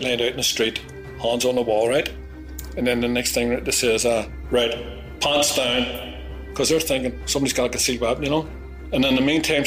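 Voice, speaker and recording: Profane Belfast man telling a story. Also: mid-range voice. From Belfast, Northern Ireland. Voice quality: blunt, profane, animated retelling with acted-out quotes. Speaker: interviewee recounting his past. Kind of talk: vivid storytelling, heavy swearing.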